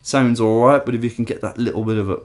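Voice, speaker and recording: A man's voice: medium pitch, steady tone, fast talker. A man teaching a guitar lesson, explaining each step and counting strums aloud. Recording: loud guitar playing behind.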